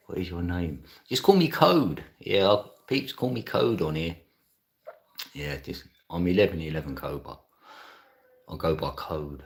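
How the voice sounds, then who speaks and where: A deep-voiced middle-aged man speaks at a moderate pace with an animated delivery. He's a livestreamer reading and answering his chat, keeping things casual and laughing often.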